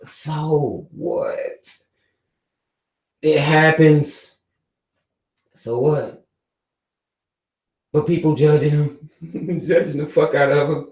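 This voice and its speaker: A man's voice: a little high, very slow, long pauses, reverberant, low-quality recording. A man hosting a live stream, giving loose, profane commentary with frequent laughs. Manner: animated, swearing, laughing often.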